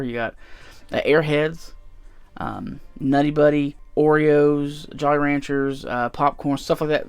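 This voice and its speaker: A man's voice: fairly high pitch, smooth, no room sound. A man casually chatting through his convention haul in a rambling way, with lots of fillers. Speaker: vlogger showing convention haul. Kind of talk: casual chat.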